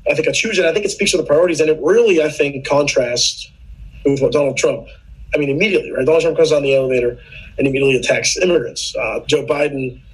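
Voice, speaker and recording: A man's voice: medium pitch, slightly rough, low-quality recording. A man, a podcast guest, explaining immigration policy in casual political chat, earnest and patient, often restarting his sentences.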